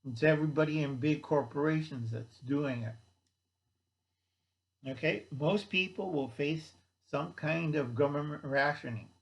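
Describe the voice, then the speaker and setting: A man's voice: a little high, measured pace, lo-fi sound. A man hosting his own channel, giving a blunt, folksy, rambling monologue. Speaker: channel host.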